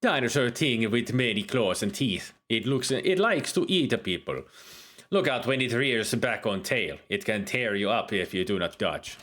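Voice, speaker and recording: A man's voice: medium pitch, animated, moderate pace, fairly bright tone. A man voicing a proud spear-fighting warrior woman in broken English with a wandering put-on accent. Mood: warning. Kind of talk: reading game dialogue aloud in character.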